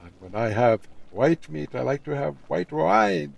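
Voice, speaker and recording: A man's voice: fairly high pitch, sing-song, measured pace, vocal fry, pitched above the performer's own voice, full character voice. A man voicing a smug male French fighter pilot in a told joke, delivering punchlines proudly.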